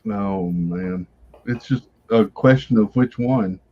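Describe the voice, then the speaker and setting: A man speaking in halting, measured phrases on a casual livestream. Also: lowish voice, dark tone. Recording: dull lo-fi stream audio.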